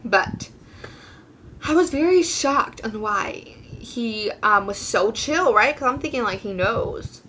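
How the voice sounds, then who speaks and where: A woman's voice: fairly high pitch, slow pace, a little hiss or hum. A teenage girl telling a casual storytime to her viewers, rambling and full of fillers, acting out what people said. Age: teens. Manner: quotes people in lively voices. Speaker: vlogger.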